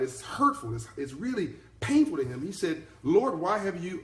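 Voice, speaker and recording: Speaking fairly quickly with hardly any pauses, a middle-aged man delivers a rambling motivational talk on a South African live broadcast, full of fillers, restarts and repeated key lines. His voice is a little high, a bit bright and very animated, recorded in an echoey room.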